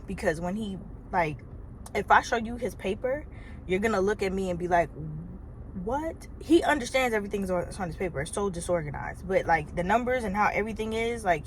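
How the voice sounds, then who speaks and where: A woman in her thirties, originally from Trinidad, telling a casual storytime vlog from her car in an animated, chatty way with exasperated asides. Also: medium pitch, slight background noise. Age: 30s. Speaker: vlogger. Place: parked car.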